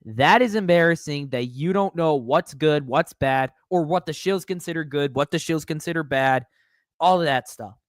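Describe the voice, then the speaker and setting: A man's voice: a little high, normal speed, no room sound, studio quality. A man hosting a live stream, reading viewer comments aloud and answering them with sarcastic, mocking commentary.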